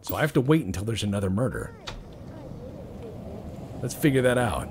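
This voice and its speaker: Man joking through a game, lively pitch. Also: normal speed, background noise. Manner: joking, mutters to himself. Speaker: let's-play gamer. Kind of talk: casual game commentary.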